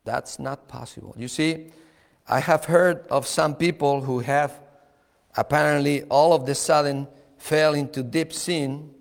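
A man preaching a sermon, slow and emphatic, repeating key words and chuckling now and then. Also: fairly high pitch, steady tone, creaky, long reverb tail.

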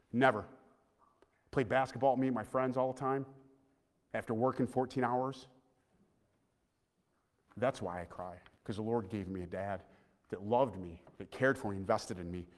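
A man preaching an emotional, heartfelt sermon, often dropping to a soft voice. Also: on the low side. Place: church sanctuary. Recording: long reverb of a large hall.

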